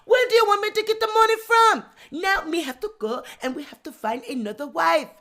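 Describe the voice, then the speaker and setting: Woman doing a mumbling African husband. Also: a little fast. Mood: pleading. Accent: put-on West African French. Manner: low, mumbling, evasive, deadpan refusals. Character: sheepish middle-aged African husband under oath.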